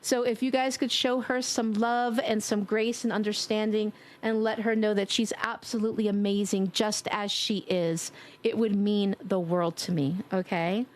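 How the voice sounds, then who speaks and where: A woman's voice: mid-range voice, little pitch movement, moderate pace. A woman streamer chatting casually and affectionately as she signs off her stream, a bit congested. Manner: warm, affectionate, blowing kisses. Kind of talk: casual stream sign-off chat.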